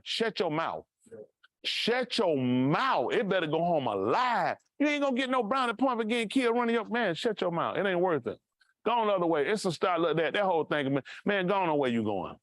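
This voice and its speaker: Man, pastor, high voice, lively storyteller, dry close sound. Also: dry recording. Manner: animated, acts out voices in his stories. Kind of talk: casual storytelling sermon.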